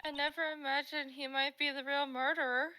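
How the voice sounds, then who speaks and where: A woman's voice: high voice, little pitch movement, a little fast, bright, forceful tone. A woman voicing a blunt, cheerful young woman sidekick in a fan voice-acting of a game. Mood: chatty.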